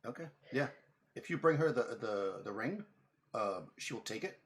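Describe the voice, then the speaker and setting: A man narrating as game master of a tabletop game, talking in halting bursts with many fillers. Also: medium pitch, animated.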